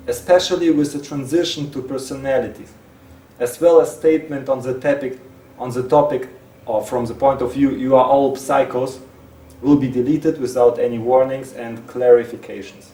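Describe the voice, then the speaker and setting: Halting man in a roomy space. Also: medium pitch, mellow. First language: Russian. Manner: halting, repeats words and restarts. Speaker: presenter. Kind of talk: reading a text aloud with asides. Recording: roomy, distant mic, faint hiss.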